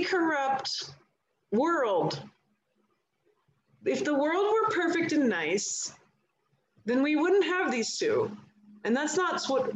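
A woman speaking as a guest in a live conversation, telling her story in an earnest, emphatic way. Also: on the high side. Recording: echoey room, faint background noise.

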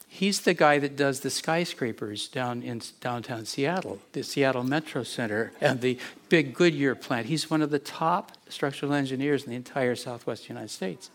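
Animated man preaching a story. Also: medium pitch, normal speed, few pauses. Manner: animated, chuckling, repeats words as he tells it. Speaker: pastor. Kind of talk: storytelling sermon.

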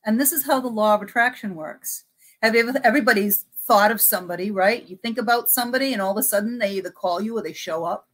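A middle-aged woman speaks as a psychic medium guest in a relaxed interview, her voice in an ordinary middle register. She talks conversationally and with animation, slipping into the voices of people from her stories as she acts out exchanges. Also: medium pitch, quick pace. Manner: animated, acts out both sides of remembered conversations. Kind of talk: casual interview storytelling.

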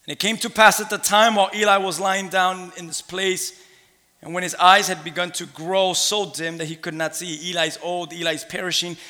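A man in his thirties preaching a sermon, leading the congregation in call-and-response, swinging between shouted lines and hushed asides. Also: on the high side. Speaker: pastor. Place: church sanctuary. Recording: long hall reverb.

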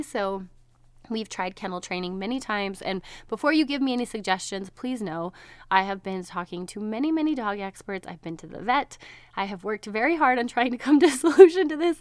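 A woman's voice: fairly high pitch, no echo. A woman in her thirties hosting a podcast, talking candidly to her listeners in a chatty way and often laughing as she speaks. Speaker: podcast host. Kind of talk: personal chat to listeners.

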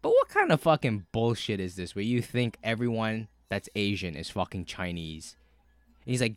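Man, low pitch, casual podcast chat, animated storytelling, heavy swearing, dry sound. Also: moderate pace, no room sound. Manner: profane, animated, many fillers. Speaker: podcast co-host.

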